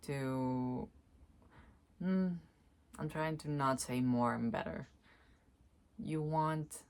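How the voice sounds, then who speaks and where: A woman with a low voice talks very slowly in a soft, searching way, pausing to hunt for the right words. Her solo vlog drifts between reflection and light laughter. A faint room hiss sits under her voice. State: tearful at times. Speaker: spiritual vlogger. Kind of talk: slow reflective monologue, energy reading.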